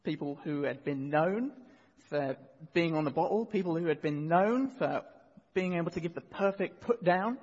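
A man's voice: on the high side, darkish tone, husky, in a large hall, lo-fi sound. A male pastor preaching a sermon to his church, painting vivid scenes and guiding the congregation through the reading. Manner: earnest, vivid storytelling, leads the congregation in reading.

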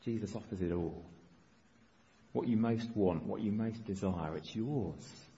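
A man's voice: fairly low pitch, unhurried, dark tone. A man preaching a sermon, earnest and exhorting in short repeated phrases. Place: church. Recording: dull recording with long reverb in a church hall.

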